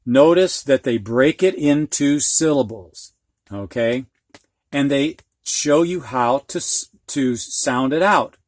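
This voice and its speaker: A man's voice: mid-range voice, lively intonation, slow pace, dry recording. A middle-aged man teaching a reading lesson, patiently spelling out letters and walking through each step. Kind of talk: instructional video lesson.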